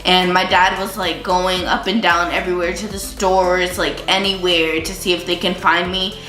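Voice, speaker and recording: A woman's voice: on the low side, little pitch movement, moderate pace, bright, forceful tone. A young woman vlogger telling a casual storytime while doing her makeup, chatty and full of likes and ums, saying she feels sick. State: feeling sick. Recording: echoey room with faint music.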